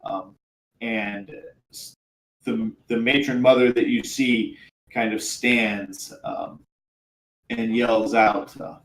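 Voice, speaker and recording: A man's voice: on the low side, steady tone, slow. A man narrating a tabletop game as game master, hesitant and full of ums and uhs. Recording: roomy echo, faint background hum.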